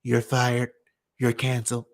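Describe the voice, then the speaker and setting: A man playing a stern male boss who hands down a firing in flat, clipped words. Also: medium pitch, unhurried, pitched below the performer's own voice, lightly acted.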